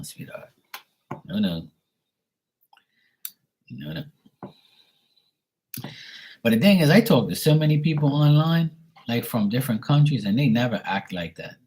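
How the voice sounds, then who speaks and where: A blunt, profane man from Bermuda talks in a casual rant, his voice low and husky. He mocks the people who message him by acting out their lines, with a tarot reader's offhand confidence. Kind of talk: casual ranting monologue.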